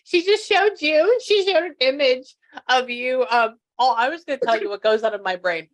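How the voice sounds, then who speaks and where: A woman in her sixties from Texas works as a spiritual medium, chatting through a reading and passing along messages full of quoted asides. She has a high voice and speaks at normal speed.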